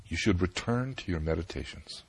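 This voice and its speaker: A young enchantress toys with an old sage in a coy, knowing tone, voiced by a man narrating a myth. His low, husky voice lifts only slightly for her. The sound is dry and close. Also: lively intonation, moderate pace, no echo, heavily acted. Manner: coy, then commanding. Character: cunning young enchantress woman, coy and commanding.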